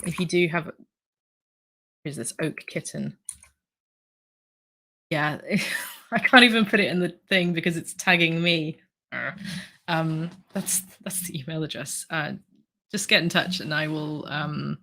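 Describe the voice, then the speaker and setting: A woman's voice: low-pitched, sharp tone. A woman in her thirties hosting a casual livestream, hesitant, with many ums and restarts as she reads out the chat. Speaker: livestream host.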